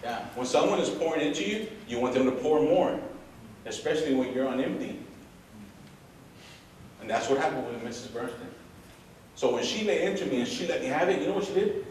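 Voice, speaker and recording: A man from Houston, Texas, tells a personal story in a casual, conversational way, full of fillers and quick asides. He sounds far from the microphone in a very echoey room. A steady hum of background noise runs underneath. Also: medium pitch. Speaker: motivational speaker. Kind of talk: storytelling presentation.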